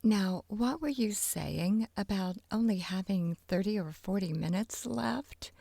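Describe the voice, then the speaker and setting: A woman's voice: mid-range voice, lively intonation, a little slow, creaky, dark tone, no room sound, voice pushed up. A woman voicing a smug, cruel villainess in a children's storybook, menacing and self-satisfied.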